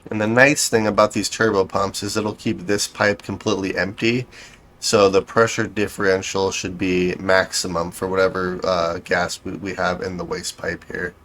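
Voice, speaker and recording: A man's voice: low voice, little pitch movement, normal speed, fairly bright tone. A man giving casual gameplay commentary, thinking aloud as he builds, with a dry, self-correcting, sarcastic manner. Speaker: game streamer.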